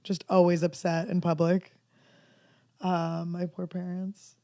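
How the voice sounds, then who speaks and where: A woman's voice: fairly low pitch, level tone, slow pace, no room sound. Chatty woman comedian, dry close mic. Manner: candid, rambling storytelling with dark jokes. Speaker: comedian guest. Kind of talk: casual podcast chat.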